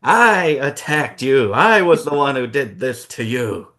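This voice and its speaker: A man's voice: medium pitch, big pitch swings, a little slow, bright, forceful tone. A man voicing a scheming wrestling champion who gloats over the friend he betrayed, in a smug, taunting tone. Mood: gloating.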